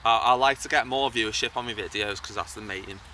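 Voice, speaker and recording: The interview guest, a young actor and YouTuber, has a lowish, pushed, bright voice and talks a little fast. Standing outdoors by a bridge, he chats casually about acting and often restarts sentences. The mic is some distance away, catching faint outdoor noise.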